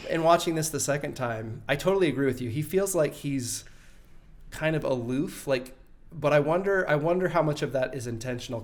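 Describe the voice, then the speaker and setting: Chatty man co-hosting a film podcast. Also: on the high side. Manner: animated, quick to laugh, loose fillers. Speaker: podcast co-host. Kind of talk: casual film discussion.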